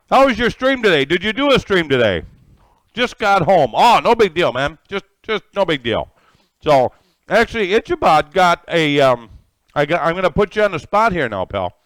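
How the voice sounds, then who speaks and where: A man's voice: sits high, fairly bright tone, no echo. A middle-aged man hosting a live cooking stream from his home kitchen, eating as he talks and greeting viewers by name. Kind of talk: casual live-stream chat while eating.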